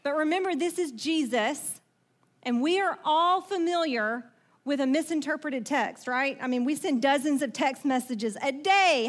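High-voiced woman preaching a lively sermon. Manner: conversational, animated, asks the audience questions; acts out quoted voices in the story. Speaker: pastor.

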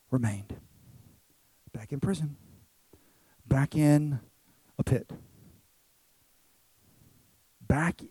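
A man's voice: fairly high pitch, dark tone, no echo. A man preaching a sermon as pastor, emphatic, with repeated phrases and rhetorical questions to the congregation.

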